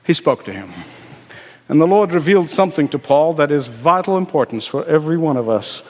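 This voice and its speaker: A man preaching a sermon, emphatic and repetitive, swinging from hushed asides to pleading cries. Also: fairly high pitch, lively intonation, fairly quick, long reverb tail. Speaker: pastor.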